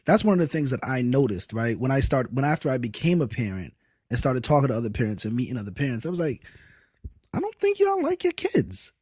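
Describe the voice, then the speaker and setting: A young adult man co-hosting a casual podcast chat, an animated storyteller who acts out the people he quotes. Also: mid-range voice, fast, husky, no echo, clean studio sound. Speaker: podcast co-host.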